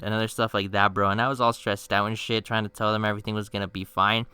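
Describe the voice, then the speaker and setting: A young man telling funny stories on his channel in a slangy, swearing casual style, with bursts of mock-outraged yelling. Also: lowish voice, steady tone, quick pace, hardly any pauses, smooth, no echo. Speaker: storytime youtuber. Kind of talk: casual storytime narration.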